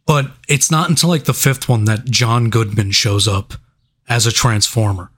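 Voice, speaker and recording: Casual male co-host, laughing, swearing, animated movie chat. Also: mid-range voice, normal speed, husky. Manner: laughing, profane, animated storytelling. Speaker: podcast co-host.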